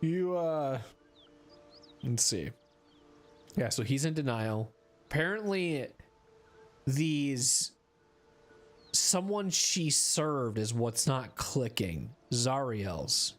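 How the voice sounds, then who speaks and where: A man's voice: mid-range voice, expressive, extremely slow, pauses often, faint music behind. A tired young man streams a game and chats in a casual, goofy way. His voice rises and falls a lot. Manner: goofy, reads dialogue aloud in put-on voices. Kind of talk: casual gameplay commentary.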